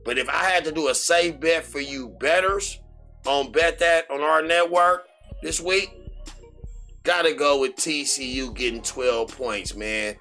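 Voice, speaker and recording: A man hosting a sports betting show, rambling loosely with lots of "man" and sudden loud outbursts. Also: on the high side, a little slow, faint music behind. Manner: rambling, repetitive, fillers like "man". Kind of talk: casual sports betting talk.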